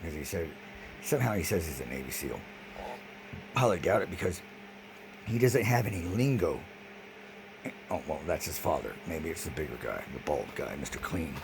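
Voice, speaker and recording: Deep gravelly man rambling, noisy recording. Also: animated, normal speed, long pauses. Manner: agitated, rambling, repeats himself; swears often. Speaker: vlogger. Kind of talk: rambling video monologue. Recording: noisy background.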